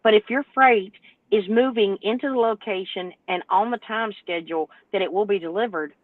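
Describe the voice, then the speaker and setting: An older woman, in her sixties, rants with animated exasperation as a trucker guest on a panel show. Her voice comes through thin and tinny, like over a phone line, with no room echo. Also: mid-range voice, normal speed. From North Carolina, US. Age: 60s. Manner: animated, exasperated storytelling rant. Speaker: truck driver and owner operator, panel guest. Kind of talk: podcast panel discussion.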